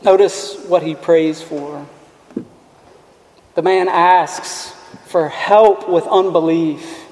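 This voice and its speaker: A man preaching a sermon in an earnest, emphatic way, dropping to quiet asides. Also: fairly high pitch, steady tone, extremely slow, long pauses. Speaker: pastor. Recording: echoey hall with long reverb.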